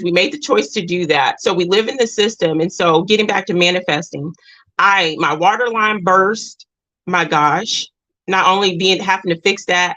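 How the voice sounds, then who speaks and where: A woman's voice: lowish voice, a bit bright, poor audio. A woman telling a personal story in a casual vlog, earnest and rambling, with restarts and moments near tears. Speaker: vlogger.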